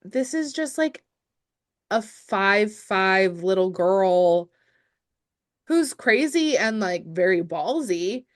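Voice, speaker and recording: This podcast co-host is a young woman with a medium-pitched voice who speaks slowly but with lots of animation. Her casual movie talk is blunt and profane, and she acts out character quotes with energy.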